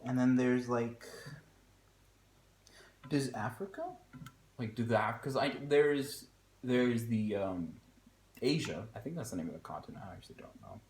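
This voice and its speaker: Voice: mid-range voice, moderate pace, long pauses, a little mellow. A vlogger chatting casually while cooking at home, rambling and self-mocking, with plenty of fillers. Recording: echoey room with faint music.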